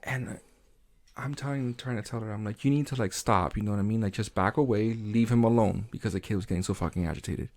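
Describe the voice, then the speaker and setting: A man co-hosting a casual podcast chat, telling stories with heavy swearing and loud bursts of laughter. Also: on the low side, quick pace. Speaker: podcast co-host.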